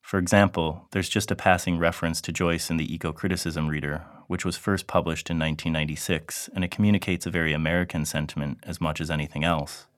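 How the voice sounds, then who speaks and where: Deep-voiced male lecturer, dry. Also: level tone, no room sound. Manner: measured, deliberate reading. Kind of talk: read academic lecture.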